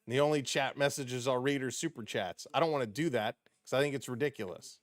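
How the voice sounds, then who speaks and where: A man's voice: quick pace, no room sound. A man streaming live hockey play-by-play in a casual way, greeting chat viewers between calls and rising sharply on big plays. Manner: rises sharply in pitch and volume on big plays.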